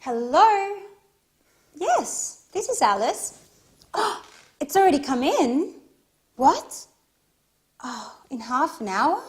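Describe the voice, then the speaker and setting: Flustered young woman in love, high voice, chatty, played by an actress. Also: sing-song, takes it slowly, pauses often, full character voice. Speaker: actress in a teaching drama. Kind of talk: scripted dialogue for learners.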